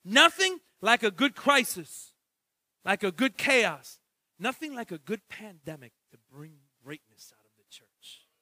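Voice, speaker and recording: A man preaching a sermon as pastor, switching between loud shouted exhortation and quiet, joking asides in casual slang. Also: sits high, no echo. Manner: jokey, street-slang storytelling.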